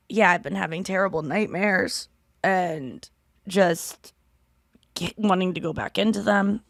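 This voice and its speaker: A woman in her thirties hosts a podcast, chatting casually in a rambling way and swearing freely. Her voice is on the low side and creaky, captured in a dry, studio-quality recording.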